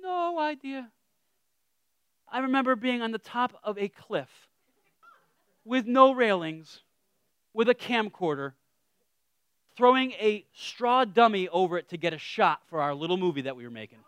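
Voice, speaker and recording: A man preaching a casual, humorous sermon, animated, with self-deprecating asides that trail off quietly. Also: high-pitched, moderate pace, smooth, no room sound.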